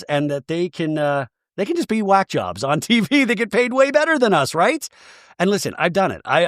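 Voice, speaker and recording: A man with a fairly high voice hosts a comedy recap podcast, riffing and tossing out jokey asides as he goes. The sound is close and dry, with no room around it. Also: no room sound. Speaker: podcast host.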